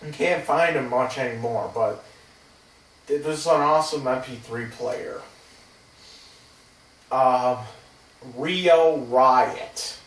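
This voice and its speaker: A man's voice: medium pitch, takes it slowly, pauses often. A man in his thirties rambling through a personal story, hesitant and casually swearing. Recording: roomy, distant from the mic.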